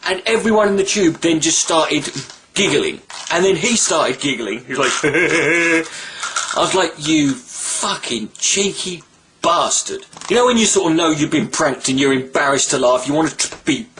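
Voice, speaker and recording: A man tells a rambling story straight to camera in a casual vlog, his voice sitting a touch high. He is animated and swears freely, with asides piling up. A faint hiss runs under the recording. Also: normal speed. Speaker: vlogger.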